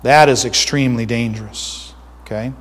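A pastor preaches a sermon in a large hall, earnest and conversational, frequently checking in with his listeners. His voice is medium-pitched with fairly even intonation and a moderate pace.

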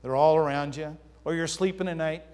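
A man's voice: a little high, fairly even intonation, fairly quick, darkish tone. A man preaching a sermon, mixing scripture reading with casual personal stories. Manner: conversational preaching with personal anecdotes. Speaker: pastor. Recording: reverberant hall.

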